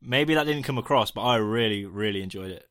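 Bright-voiced young British man. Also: fairly low pitch, a little fast, no echo, clean studio sound. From United Kingdom. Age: 20s. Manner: jokey, self-mocking, laughs often. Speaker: podcast co-host. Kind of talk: casual chat, film ranking.

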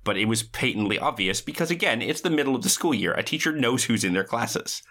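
A man's voice: mid-range voice, animated, quick pace, sharp tone. A man co-hosting a podcast, chatting casually about a movie and recounting its scenes in detail. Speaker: podcast co-host.

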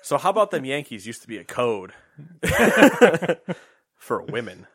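A man chatting on a podcast with a lively, up-and-down voice that swings freely as he jokes and laughs. His speech often trails off and restarts mid-sentence. The sound is close and dry, with almost no room behind it. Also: medium pitch, slow, husky, no room sound. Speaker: podcast co-host. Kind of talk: casual chat.

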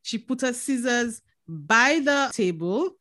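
A woman's voice: on the high side, takes it slowly. Saint Lucian woman telling laughing stories. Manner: lively storyteller, laughs often, swears freely. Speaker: podcast co-host. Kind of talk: casual chat.

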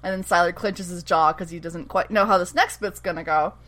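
A woman's lowish, steady, fairly bright voice runs a little fast as she co-hosts a podcast recapping a TV episode. It's casual chat, with her acting out character lines and laughing often.

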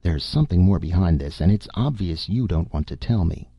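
A man reading the part of a stern, blunt woman nurse, with pointed, crisp questions. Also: deep voice, animated, fairly quick, dark tone, no room sound, heavily acted. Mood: sharp.

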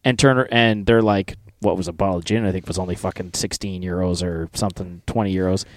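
A man's voice: sits low, fairly even intonation, fast talker, no echo, studio quality. A man in casual chat, animatedly retelling a trip and swearing now and then.

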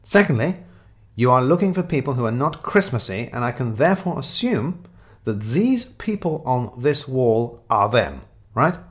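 A man's voice: medium pitch, sing-song, moderate pace, lightly acted. A man voicing a stern, impatient female police inspector with a curt, commanding manner.

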